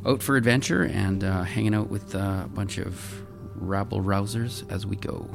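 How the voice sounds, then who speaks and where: Deep, gravelly man with music behind. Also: fairly even intonation. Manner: halting, many fillers. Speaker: player. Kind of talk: casual chat.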